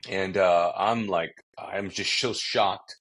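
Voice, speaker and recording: Pastor guest from Kuwait, man with a very deep voice, vivid storyteller who restarts his sentences often. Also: steady tone, takes it slowly, a bit bright. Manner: vivid storytelling with acted-out quotes and frequent restarts. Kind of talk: conversational testimony storytelling.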